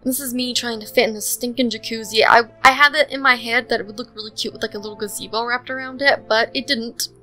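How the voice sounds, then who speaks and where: A young woman narrates her game build in a loose, rambling way, full of ums and likes. Her voice sits a bit high and rings bright and clear. Soft music plays quietly underneath. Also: fairly even intonation, fast talker, hardly any pauses, poor audio. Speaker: Sims speed-build commentator. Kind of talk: casual voice-over commentary.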